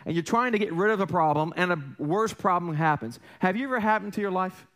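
In a church sanctuary, a middle-aged pastor gives a casual sermon in a high, fast, somewhat bright voice. He jokes at his own expense, tells stories conversationally, restarts often and keeps tossing rhetorical questions at the congregation.

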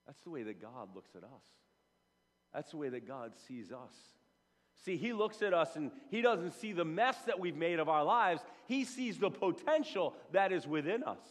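A middle-aged male pastor preaching a sermon, telling a story with lively, repetitive storytelling. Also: on the high side, normal speed. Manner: animated storytelling, repeats words when building up. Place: church sanctuary. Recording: long reverb in a church hall.

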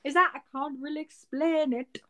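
A young woman co-hosting a casual livestream, giving slow, hesitant, giggly replies. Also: high-pitched, steady tone, fairly bright tone. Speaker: livestream co-host.

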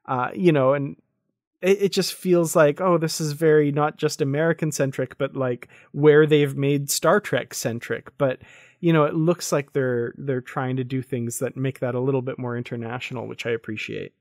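Relaxed, thoughtful podcast co-host man. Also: mid-range voice, normal speed, no room sound, clean studio sound. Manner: relaxed, thoughtful, laughs easily. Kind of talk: casual review chat.

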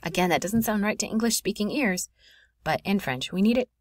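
A woman teaching a French grammar lesson in a clear, explanatory voice. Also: medium pitch, animated, a little fast, no room sound. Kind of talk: recorded classroom lesson.

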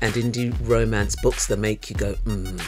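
A man hosting an audiobook review show, reading a scripted review in a playful, cheeky way that turns loud and emphatic when he rants. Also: fairly low pitch, flat delivery, moderate pace, music in the background.

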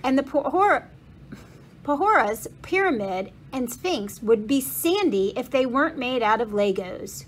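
A woman's voice: high voice, lively intonation, a little slow, slight background noise. Joking schoolboy, wry and playful, easygoing, read by a lady.

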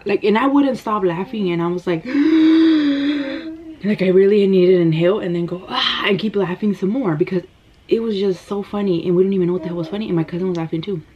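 An American woman in her thirties, a mukbang vlogger, eats on camera while retelling a story in an animated, breathless way, gasping as she talks fast in a fairly low voice. Captured on the camera microphone, the sound is slightly dull and lo-fi.

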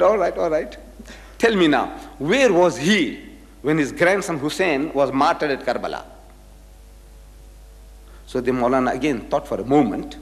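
An older man with a mid-range voice gives a religious lecture to an audience, telling anecdotes and acting out the voices of their characters. The recording has a long reverb tail.

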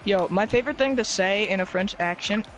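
A man chatting casually while playing an online game with friends over a headset, goofy and prone to sudden yells. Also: sits high, brisk, music in the background. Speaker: gamer on a stream. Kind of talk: casual gaming chat.

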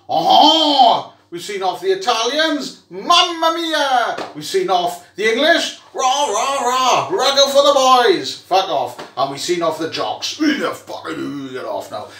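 Rowdy, sweary Welsh man, high and lively. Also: unhurried. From Wales. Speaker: vlogger. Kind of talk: excitable rugby fan monologue. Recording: echoey room, mic at a distance.

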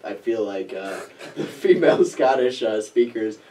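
A man hosting a casual chat, talking haltingly and laughing through his sentences. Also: medium pitch, expressive, mellow, far from the mic, slight background noise. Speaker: podcast host.

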